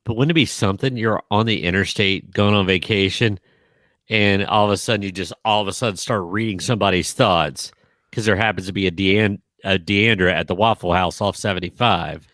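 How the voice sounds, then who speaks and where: A man's voice: on the low side, fairly quick, fairly bright tone, dry recording, studio quality. A man around fifty co-hosting a podcast, reading out questions and often laughing. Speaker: podcast co-host leading a game segment. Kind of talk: casual chat.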